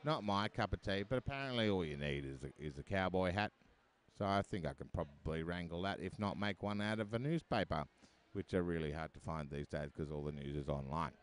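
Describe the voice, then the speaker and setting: A man's voice: deep voice, expressive, brisk. A man giving live roller derby commentary, chatty and full of joking asides.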